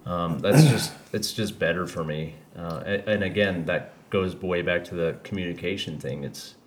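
A man's voice: low-pitched, moderate pace, slight background noise. A man hosting a podcast, chatting casually and rambling candidly, swearing freely as he talks. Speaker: podcast host. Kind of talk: casual chat.

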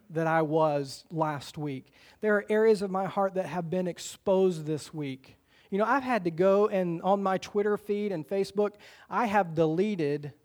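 A middle-aged pastor delivering a sermon, stretching out quoted scripture slowly and rushing through his calls to unity. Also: sits high. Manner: emphatic preacher, slows for quoted scripture, speeds up for exhortations.

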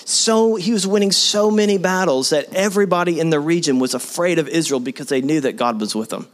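A man in his forties preaching a sermon in a conversational, animated way, leading the congregation in call-and-response. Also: on the high side, fairly quick, few pauses. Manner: conversational, with many restarts and asides. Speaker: pastor.

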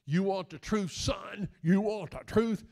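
A domineering middle-aged colonel barks slow, loud challenges at a younger man. The pitch is pushed up and the delivery is drawn out and forceful, as a preacher puts him on in a sermon. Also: gravelly. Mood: intimidating. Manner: barking challenges, drawn out and louder. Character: blustering, intimidating middle-aged male military colonel. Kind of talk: impression within a sermon.

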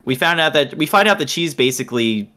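A man's voice: on the high side, expressive, a little fast, sharp tone. A man co-hosting a casual podcast, recapping a film's plot in an easygoing way with many fillers. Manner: easygoing, lots of fillers, agreeable. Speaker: podcast co-host. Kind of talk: casual movie recap chat.

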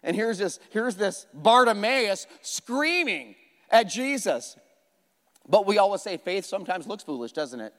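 A man preaching a sermon in a church, conversational and animated, repeating phrases for emphasis and joking at his own expense. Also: sits high, unhurried. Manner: conversational with self-deprecating humor. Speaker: pastor. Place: church hall. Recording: long hall reverb.

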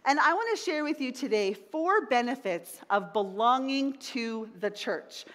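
A high-voiced woman preaches with wide swings of pitch, driving her points home by repeating them. She leads the congregation in call-and-response. Her voice rings with the long reverb of a church sanctuary. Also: lively intonation, unhurried, fairly bright tone. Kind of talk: sermon.

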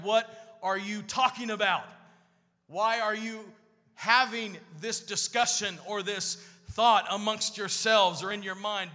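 High, bright preacher in a reverberant hall. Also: male voice, unhurried. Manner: builds from quiet teaching to shouted, sing-song preaching. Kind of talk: sermon. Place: church sanctuary. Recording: long church hall reverb.

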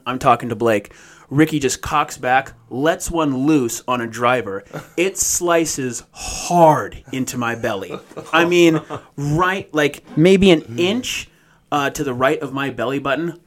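A man in his thirties telling a rambling story in casual chat, laughing often and swearing freely. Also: mid-range voice.

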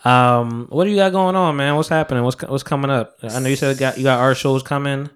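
A man's voice: medium pitch, a little fast, smooth. A young man hosting a casual podcast chat, easygoing and laughing often, rambling through his points. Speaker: podcast host.

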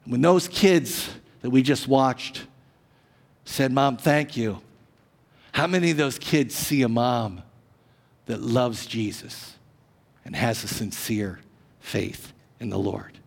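A man preaching a sermon as pastor, animated, swinging between loud emphasis and hushed, drawn-out lines. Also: medium pitch, gravelly, husky. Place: church sanctuary. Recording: long reverb of a church hall.

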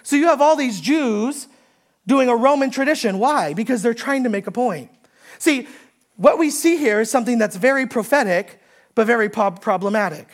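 A high-pitched woman delivers a Sunday sermon. She preaches emphatically, repeating her key points and building force as she quotes scripture. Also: animated, normal speed. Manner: emphatic preaching, repeating key phrases, rising when quoting. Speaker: pastor.

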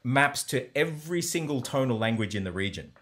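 A man's voice: mid-range voice, expressive, fairly quick, fairly bright tone. A man teaching language sounds in a conversational, enthusiastic way, often voicing sample syllables to demonstrate. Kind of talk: conversational explanation.

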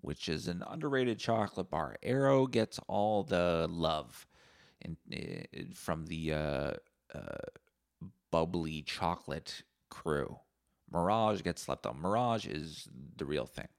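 A man's voice: low-pitched, expressive, slow pace, creaky, dry recording, studio quality. A man, hosting a solo podcast and rambling through profane, jokey stories. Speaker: podcast host. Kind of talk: solo comedic podcast monologue.

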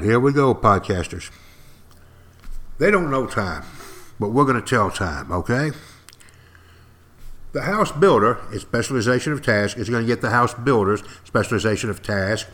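A man's voice: mid-range voice, fairly bright tone. An older man, teaching a history lesson to podcast listeners. He talks emphatically, repeats key words and asks his listeners questions. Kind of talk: lively classroom-style history talk to podcast listeners.

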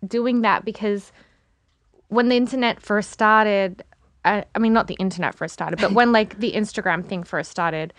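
A woman's voice: medium pitch, normal speed, dry recording. An Australian woman guest chatting casually, rambling with lots of fillers. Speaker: guest model. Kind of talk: casual chat.

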